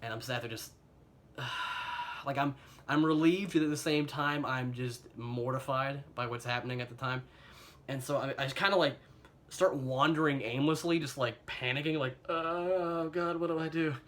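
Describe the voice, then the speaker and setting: A man's voice: medium pitch, fairly even intonation, moderate pace, fairly bright tone. A young American man telling an embarrassing personal story in a casual, rambling way, self-mocking and filled with fillers and chuckles, recorded on a phone camera. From United States.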